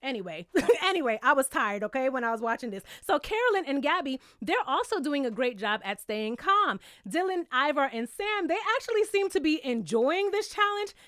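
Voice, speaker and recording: A woman's voice: high voice, very animated, moderate pace, a bit bright, dry recording, clean studio sound. A woman giving a casual, blunt and sassy recap of a reality TV episode, swearing freely, laughing at her own jokes and calling her viewers "child".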